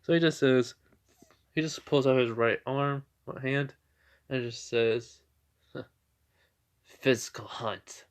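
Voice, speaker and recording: A man's voice: medium pitch, fairly even intonation, slow, pauses often, clean tone. Young man rambling through a fan story. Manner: rambling with fillers and restarts. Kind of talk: casual storytelling.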